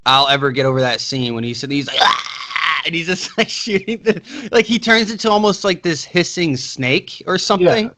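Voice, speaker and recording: A man's voice: fairly high pitch, lively intonation, fairly quick, few pauses, sharp tone. A man co-hosting a casual movie podcast, rambling with frequent restarts and swearing. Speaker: podcast co-host.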